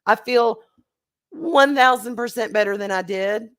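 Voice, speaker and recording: A woman hosting a casual livestream, hoarse and congested from a recent flu, chatty and laughing as she greets her chat. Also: fairly high pitch, measured pace. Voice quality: nasal, congested. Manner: chatty, laughing, swings between loud bursts and quiet asides. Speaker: livestream host. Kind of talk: casual chat reading live chat.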